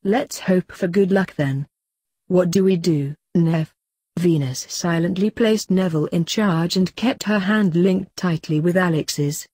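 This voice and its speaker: A woman reading a fanfiction story aloud at a steady, even pace, voicing both narration and dialogue. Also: on the low side, unhurried, husky, dry recording. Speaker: fanfiction reader.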